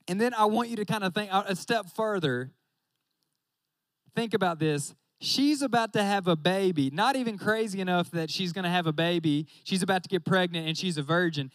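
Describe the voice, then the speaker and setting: A young man gives a casual, joking sermon in a high, light voice. He keeps turning to his listeners and talking straight at them. The sound is close and dry, with no room echo. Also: moderate pace. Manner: joking, talks straight to the audience with "y'all".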